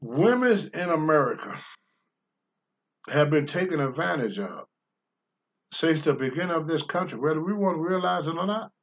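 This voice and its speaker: A man's voice: on the high side, expressive, moderate pace, long pauses, highs cut off. An older man hosting a talk show, answering viewer questions in a blunt, preachy monologue and swearing freely.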